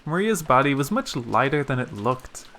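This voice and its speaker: A man narrating a visual novel aloud in a steady storytelling manner. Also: mid-range voice, moderate pace. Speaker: let's play narrator.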